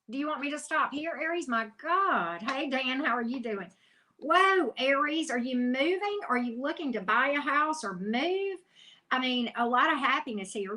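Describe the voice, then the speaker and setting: A woman's voice: sits high, pushed and bright. A woman hosting a live tarot reading, chatting casually, greeting viewers by name and exclaiming at the cards.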